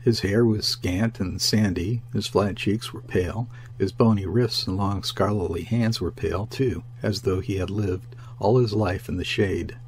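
A man narrating a classic sea novel in a measured, even reading voice. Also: lowish voice, slight background noise. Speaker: audiobook narrator.

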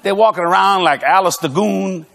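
A man's voice: sits high, normal speed, gravelly, fairly bright tone. An older man preaching a comedic sermon, telling stories and acting out dialogue with bursts of laughter. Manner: storytelling with acted dialogue and frequent laughter. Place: large church auditorium. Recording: long echo of a large church hall.

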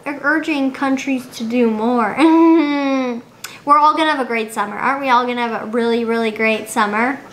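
A woman's voice: a little high, moderate pace. A young woman vlogging at home, chatting to the camera in a dramatic, giggly way. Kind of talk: casual chat to camera. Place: indoors at home. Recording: roomy home recording.

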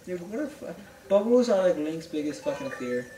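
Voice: mid-range voice, big pitch swings, a little fast, dark tone, slight background noise. A gamer in casual let's-play chat, joking around and swearing a lot, recorded in a roomy room from a distant mic. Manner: profane, joking. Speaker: gamer playing a video game.

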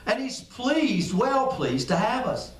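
Speaking slowly, with big swings in his very high voice, a man preaches an informal sermon. Recorded far from the mic in an echoing space, the pastor plays out small dialogues and leans on repetition for emphasis.

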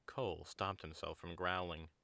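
Male narrator, low voice, bright tone, dry close mic. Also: normal speed, gravelly, no room sound. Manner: even, storybook delivery. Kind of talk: scripted narration.

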